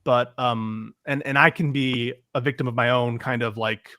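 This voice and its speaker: A man co-hosting a casual political talk show, telling an animated story about an online exchange. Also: medium pitch, normal speed, no echo, studio quality. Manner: animated storyteller, reads out messages. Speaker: podcast co-host.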